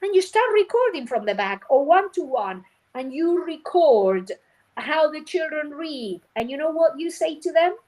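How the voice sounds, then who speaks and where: A woman phonics teacher trainer, a guest on a show, explaining her methods in a lively way and acting out classroom scenes. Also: high-pitched, normal speed, low-quality recording. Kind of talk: animated teaching talk.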